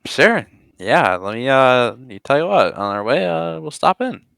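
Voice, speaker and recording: A man's voice: medium pitch, big pitch swings, measured pace, vocal fry, fairly bright tone, clean tone, dry recording, clean studio sound. A man playing his character in a tabletop game, casual and easygoing. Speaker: player.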